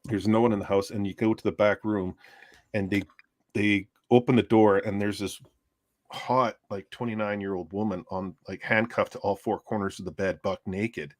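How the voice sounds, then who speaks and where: A man's voice: lowish voice, steady tone, normal speed, dry recording. A man casually telling a story from a call he worked, acting out voices and laughing often. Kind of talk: casual storytelling among friends. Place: home art studio, on a livestream.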